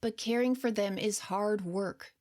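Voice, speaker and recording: A woman narrating her own story in the first person, quiet, unsure and earnest. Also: medium pitch, a little slow. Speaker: podcast storyteller.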